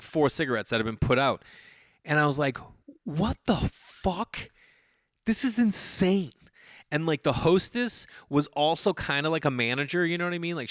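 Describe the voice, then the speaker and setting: A man in his thirties talks casually into a podcast mic, telling a story in a loose, rambling way full of restarts and curse words. His voice sits at an ordinary middle pitch, and the sound is close and dry, with no room around it. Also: clean tone, dry recording. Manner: rambling, animated storytelling with swearing and many restarts. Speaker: podcast host.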